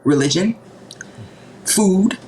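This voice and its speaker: Animated low-voiced woman in casual talk. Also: slow, slight background noise, poor audio. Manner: animated, acts out quoted voices. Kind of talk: casual conversational discussion.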